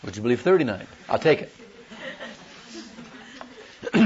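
A man preaching a sermon as a traveling evangelist, telling animated stories with folksy humor. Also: mid-range voice, slow, crowd noise. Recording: dull lo-fi recording.

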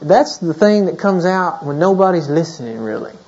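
A man's voice: on the high side, expressive, moderate pace, a little mellow, dull audio. A man in his thirties preaching a sermon as a pastor, in a conversational style full of "you know?" asides.

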